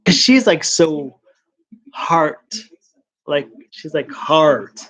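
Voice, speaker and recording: A man vlogging in a casual late-night monologue, rambling and confessional with hushed asides. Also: on the high side, lively intonation, very slow.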